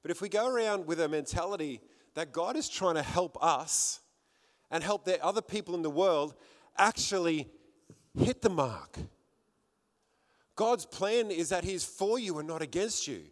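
Earnest Australian preacher, high voice. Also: male voice, lively intonation, moderate pace. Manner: earnest, conversational, repeats phrases for emphasis. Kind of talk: sermon with personal testimony. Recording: long hall reverb.

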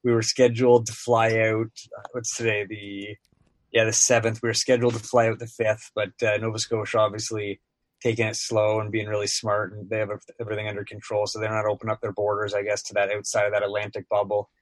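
A man's voice: fairly low pitch, monotone, fast, dry recording. A sports broadcaster guest, a man in his thirties, telling casual stories on a podcast, rambling with lots of filler words.

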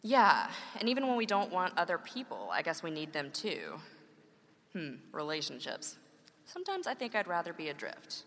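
Bright wry woman in a reverberant hall. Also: lowish voice, huge pitch swings, moderate pace, slight background noise. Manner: wry, playful humor. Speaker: co-host, mother. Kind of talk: scripted conversational reading.

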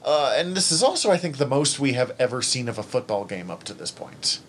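A man in casual podcast chat, talking loosely with plenty of fillers and playful acted-out quotes. His pitch sits right in the middle, and a faint hiss of room ambience runs under the recording. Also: very animated, brisk, a bit bright. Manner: chatty, fillers, acts out quotes. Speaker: podcast co-host. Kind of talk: casual chat reviewing a TV series.

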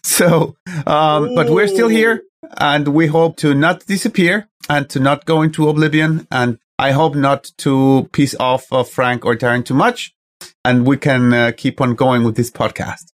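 A man's voice: on the high side, fairly even intonation, a little slow. A man hosting a podcast, chatting casually in a rambling, self-correcting way. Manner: rambling, restarts, chuckling. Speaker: podcast host.

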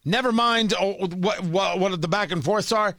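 A man's voice: high voice, moderate pace, pushed and bright, no room sound, clean studio sound. A man hosting a political commentary show, scolding and exasperated as he rants about his own side.

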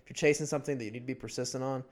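A man's voice: medium pitch, steady tone, very fast. A man in his twenties co-hosting a podcast, chatting casually and leaning heavily on "like" as a filler. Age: 20s. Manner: filler-heavy, says "like" often. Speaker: podcast co-host.

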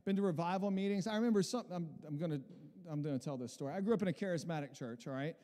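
A man delivers a lively, conversational sermon, breaking off into asides for his congregation. His voice sits high for a man. The sound carries the long reverb of a large church hall. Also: very fast. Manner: animated, conversational preaching with restarts and asides. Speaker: pastor.

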